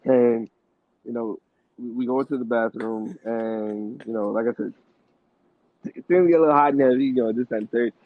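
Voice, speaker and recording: A man's voice: medium pitch, moderate pace, dry recording. Male podcast host telling a loose slangy story, tinny dry recording. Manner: rambling, loose slang, many restarts and fillers. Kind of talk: casual storytelling. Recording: dry tinny phone-like audio.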